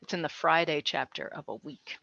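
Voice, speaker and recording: A woman's voice: sits low, brisk, creaky, pushed and bright, dull audio. Chatty woman giving a literature talk. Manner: chatty, with light laughs and asides. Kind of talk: casual educational talk.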